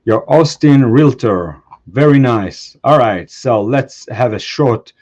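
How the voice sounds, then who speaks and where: A man's voice: medium pitch, animated, takes it slowly, darkish tone, dull audio. A man hosting a show, reading a post aloud in short phrases and adding brief comments of his own. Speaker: host.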